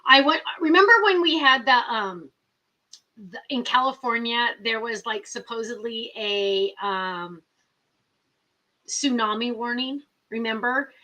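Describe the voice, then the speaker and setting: Chatty woman hosting a live stream, bright voice, a bit high, repeats stuff for emphasis. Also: a little slow, lo-fi sound. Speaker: livestream host. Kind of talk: casual live chat, reading viewer comments.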